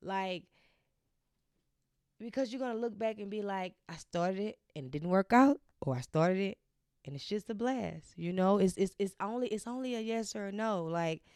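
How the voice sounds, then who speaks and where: Young woman, podcast host, casual heartfelt chat, lots of fillers, very clear voice, dry sound. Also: medium pitch, lively intonation, moderate pace, a little mellow, no echo. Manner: heartfelt, chatty, many fillers and restarts.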